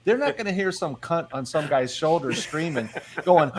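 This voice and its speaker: A comedian from the Philadelphia area, telling stories in a casual chat and acting out the voices in them. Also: male voice, fairly high pitch, moderate pace. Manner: animated storyteller, acts out voices. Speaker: comedian guest.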